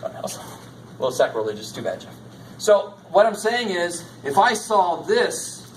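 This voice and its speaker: A man's voice: high-pitched, sing-song, normal speed, a little hiss or hum, rough recording. A man teaching a college math class in a lecture, casual and jokey, swearing now and then. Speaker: math instructor.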